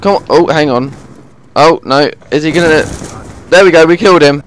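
A gaming channel host talks live over his own gameplay in a fairly high voice at a moderate pace. He gets exasperated easily and groans whenever the game turns against him, and the recording carries a slight hiss or hum.

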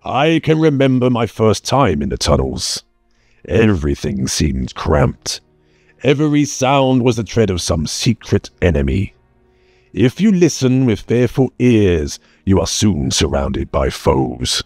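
A gruff, battle-hardened dwarf slayer, as a male audiobook reader puts him on, blunt and commanding. The voice sits deep and dark, with slow, deliberate delivery. It is dry and close, with faint music underneath. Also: very animated, no echo, exaggerated voice. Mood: gruff, steady.

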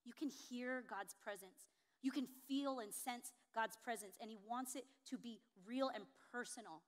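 A woman pastor delivers a sermon in a notably high voice at normal speed. She preaches expressively, climbing to emphatic, ringing peaks.

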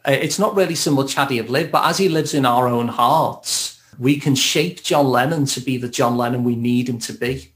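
A Liverpudlian therapist from Liverpool, England, guests on a casual podcast with a thoughtful, easygoing manner and a Scouse accent. His mid-range voice moves at normal speed with hardly any pauses, and he laughs lightly while reflecting.

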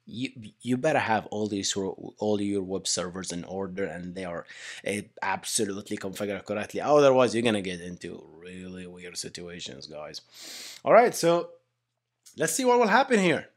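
In a casual whiteboard lecture on software engineering, a young adult man talks in a conversational, animated way, tagging sentences with "right?" and calling his listeners "guys." His voice sits on the low side and moves at a moderate pace.

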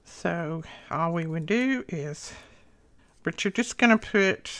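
A craft channel host with a fairly low, fairly bright voice leads a casual tutorial. She chats with viewers as she works, sounding a little out of breath.

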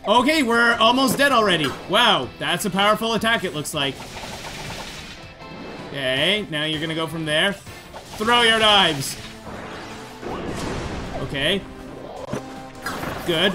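A high-voiced man narrates his game as he plays, excitable and chatty. He taunts and pleads with the boss on screen, and game music plays clearly behind him. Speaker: gaming YouTuber. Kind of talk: let's play commentary.

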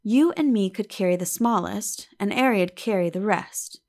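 A woman's voice: medium pitch, moderate pace, a little mellow, natural voice. A woman voicing a playful, affectionate young village girl who talks eagerly and coaxingly.

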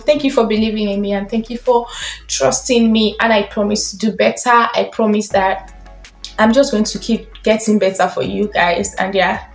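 Gushing woman vlogger in echoey room. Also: mid-range voice. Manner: gushing, emotional, repeating thanks. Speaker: YouTube channel host. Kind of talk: direct-to-camera thank-you message.

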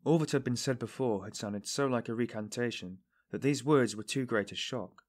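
A man narrating a classic novel as an audiobook in a measured, low-key way. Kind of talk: scripted narration.

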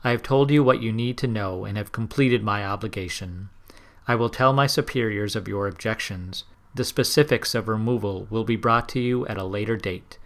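A man reading the part of a male government agent who speaks calmly and formally. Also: lowish voice, moderate pace. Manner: calm, formal, official.

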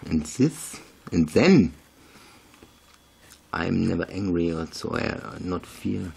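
A man's voice: low-pitched, a little slow, vocal fry, background noise. A man, chatting casually through a craft tutorial in broken English, rambling and laughing at himself. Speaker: video maker.

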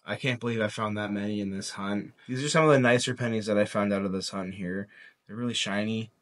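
A man's voice: on the low side, fast talker, a bit bright. Dude showing his pennies, laid back, lots of ums. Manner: easygoing, with frequent ums and uhs. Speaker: co-host. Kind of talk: casual show-and-tell narration.

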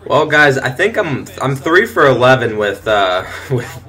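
A young man commentating his own football video game, frustrated and swearing, breaking into shouts and laughs at bad plays. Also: medium pitch, big pitch swings, measured pace. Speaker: gaming channel host. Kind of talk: gameplay commentary.

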